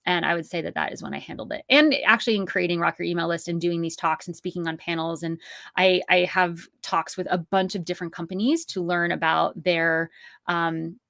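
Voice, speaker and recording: A woman's voice: on the low side, steady tone, a little fast, gravelly, sharp tone, no room sound, studio quality. A woman in her thirties hosting an online course, teaching in a chatty, upbeat way with many asides and fillers. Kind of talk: live-streamed teaching with Q&A.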